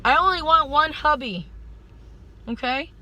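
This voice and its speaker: High, bright-voiced woman rambling earnestly. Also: measured pace, muffled recording. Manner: earnest, pleading, stream-of-consciousness. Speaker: vlogger. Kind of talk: rambling spiritual vlog monologue.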